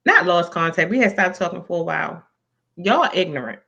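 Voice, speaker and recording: A woman's voice: fairly low pitch, a little fast, gravelly, breathy edge. A woman hosting a casual podcast, chatting in slangy speech and acting out quotes as she tells stories. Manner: animated storyteller, slangy, acts out quotes. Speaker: podcast host. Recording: dull lo-fi sound.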